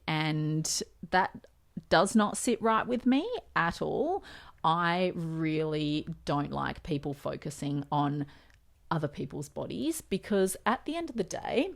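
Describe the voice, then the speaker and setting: A woman's voice: low-pitched, gravelly. A woman, a dietitian hosting her own podcast, talking candidly and emotionally in casual chat. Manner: chatty, candid, emotional storytelling. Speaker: podcast host.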